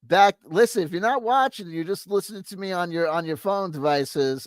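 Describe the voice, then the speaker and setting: A man's voice: on the high side, a little fast, few pauses, no echo. A man giving blunt, rambling commentary on a video he reacts to, with many restarts. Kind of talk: casual opinionated commentary.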